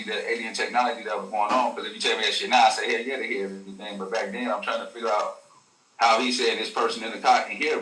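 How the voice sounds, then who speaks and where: Guy telling a wild story fast and loose, bright voice, roomy echo, sits back from the mic. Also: on the low side. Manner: fast, profane street slang with acted quotes. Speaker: guest. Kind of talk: casual storytelling. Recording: echoey room, a bit far from the mic.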